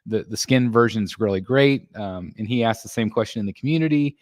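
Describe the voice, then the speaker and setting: A man's voice: fairly low pitch, a little fast. A man hosting a casual collectors' livestream, reading chat messages and answering in a rambling way with many ums and restarts. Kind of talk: casual live-stream chat.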